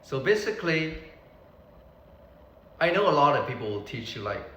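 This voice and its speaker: A man teaching beginners Mandarin, repeating each word slowly so learners can copy it. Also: a little high, big pitch swings, fairly bright tone, reverberant, slight background noise, rough recording. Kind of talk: beginner language lesson.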